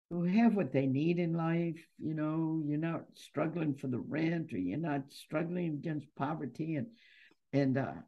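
A woman's voice: low-pitched, slightly rough, highs cut off. A nun and activist answering interview questions in an earnest, emphatic way, building her points through stories. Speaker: nun and anti-death-penalty activist, interview guest.

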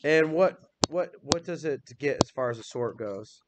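A man's voice: on the high side, expressive, normal speed, heavy background noise. A male teacher leading a classroom phonics lesson, patiently spelling words out letter by letter and quizzing students by name.

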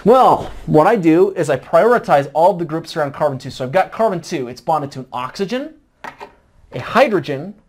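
Man quizzing himself through a lecture. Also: a little high. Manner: asks himself questions and answers them, informal and folksy. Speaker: chemistry tutor. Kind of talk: whiteboard lecture.

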